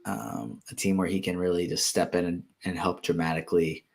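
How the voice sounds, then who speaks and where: A man with a deep, low-pitched voice talks through listener questions in a loose, unscripted Q&A. He thinks out loud as he goes, filling pauses with ums and catching and restarting his own sentences. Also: little pitch movement, creaky, husky. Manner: thinks aloud with frequent ums and self-corrections. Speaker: fantasy basketball analyst answering viewer questions. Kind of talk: casual live Q&A.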